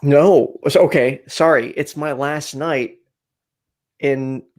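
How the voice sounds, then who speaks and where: A man's voice: mid-range voice, steady tone, takes it slowly, darkish tone. A man hosting a casual call-in chat show from home, rambling and a bit anxious, with lots of fillers. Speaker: host. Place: home room, packing up for a move.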